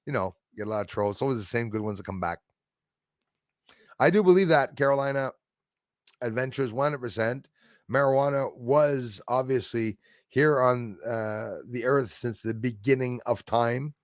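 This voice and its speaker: A man's voice: medium pitch, moderate pace, no room sound, studio quality. Rambling man with a French Canadian accent. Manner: rambling, chuckling, jumps loudly between topics. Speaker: livestream host. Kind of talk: casual livestream chat reading viewer comments.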